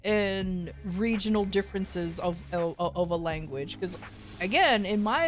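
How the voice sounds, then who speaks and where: A woman's voice: mid-range voice, animated, unhurried, faint music behind. A woman with an American accent chatting casually on a stream, rambling through a story, swearing freely and laughing often. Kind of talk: casual chat.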